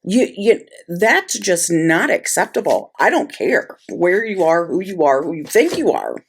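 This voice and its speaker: A woman's voice: fairly low pitch, sing-song, a little slow, slight background noise. A middle-aged woman casually telling a story while she plans, chatty and exasperated. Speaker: planner vlogger.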